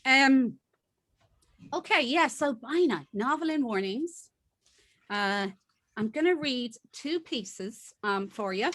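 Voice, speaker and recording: A woman novelist chatting on a video call, excitable and self-deprecating. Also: sits high, slow, pauses often. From Ireland and Canada. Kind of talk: casual chat on a video call.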